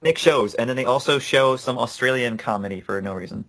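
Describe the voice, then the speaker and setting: Gravelly young man chatting casually. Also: medium pitch, a little fast, fairly bright tone. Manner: rambling, laughs often. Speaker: podcast co-host. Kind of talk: casual chat.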